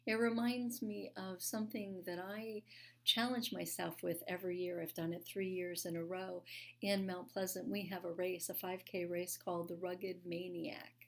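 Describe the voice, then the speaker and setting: A woman giving a sermon, telling a personal story earnestly with frequent fillers and occasional hushed, soft-spoken moments. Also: lowish voice, vocal fry. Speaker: speaker at a spiritual church.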